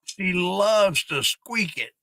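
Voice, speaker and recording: Male stream host, unhurried and profane, bright higher-pitched voice, loose rambling delivery. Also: expressive, gravelly, no room sound. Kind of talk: casual live stream chat.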